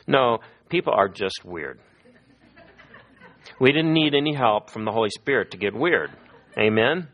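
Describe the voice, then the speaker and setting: A man's voice: mid-range voice, moderate pace. A middle-aged man preaching a sermon as a pastor, telling stories and acting out the people he quotes. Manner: lively storytelling, acting out quoted voices.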